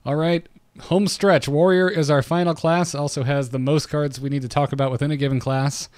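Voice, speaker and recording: Male podcast host, measured card reader, dry close sound. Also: fairly high pitch, no room sound. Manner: reads card text in an even, measured way. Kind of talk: casual card game discussion.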